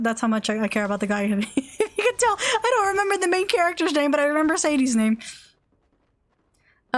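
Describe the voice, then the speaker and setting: A young woman streamer talks casually while she plays, rambling and gushing, with plenty of fillers and restarts. Her voice sits a little above average. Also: on the high side. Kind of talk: casual chat while gaming.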